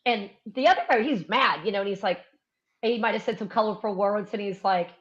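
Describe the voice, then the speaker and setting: A woman in casual conversation, telling a lively story full of fillers and asides. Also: medium pitch, a little fast. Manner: animated storyteller, many fillers. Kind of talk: casual chat. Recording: dull lo-fi sound.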